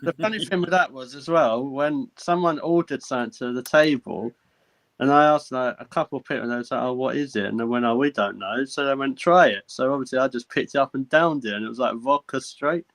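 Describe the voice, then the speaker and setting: A man, a guest on a casual live chat, telling lively anecdotes and acting out the other people in them. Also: mid-range voice, brisk, dry recording, poor audio. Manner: animated anecdote teller, quotes people. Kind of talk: casual banter.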